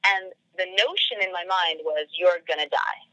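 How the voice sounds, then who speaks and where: A woman's voice: lowish voice, moderate pace, sharp tone, no room sound, rough recording. A woman guest on a podcast telling a personal story casually, full of "like" fillers and acted-out quoted dialogue.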